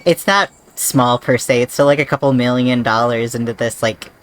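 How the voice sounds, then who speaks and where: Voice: medium pitch, moderate pace. A game streamer chatting casually with a co-op partner, rambling with lots of fillers. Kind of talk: casual chat while gaming. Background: faint game music.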